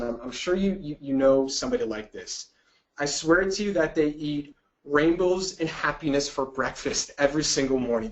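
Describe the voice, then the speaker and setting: A man, presenting a webinar and telling a personal story in an animated way, acting out his own reactions. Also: on the high side. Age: 30s. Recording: dull lo-fi webinar audio.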